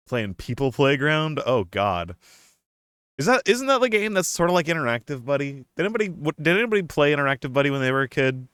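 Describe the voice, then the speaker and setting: Slow, lively young man streamer. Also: medium pitch, clear, resonant tone, dry recording, clean studio sound. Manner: playful, laughs often, drifts into a silly put-on accent. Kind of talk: casual live-stream chat.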